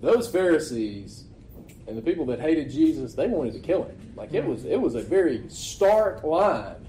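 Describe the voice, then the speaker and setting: Male preacher with a slightly high voice and a conversational sermon delivery; echoey hall recording. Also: sing-song, normal speed, dark tone, a little hiss or hum. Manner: conversational, asks rhetorical questions. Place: church meeting hall.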